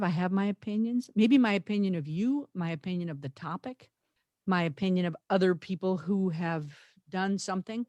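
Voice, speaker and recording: A woman's voice: medium pitch, a little mellow, no room sound, studio quality. A woman co-hosting a podcast, talking in an earnest, thoughtful, emphatic way and often restarting her sentences. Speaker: podcast co-host. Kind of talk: reflective podcast conversation.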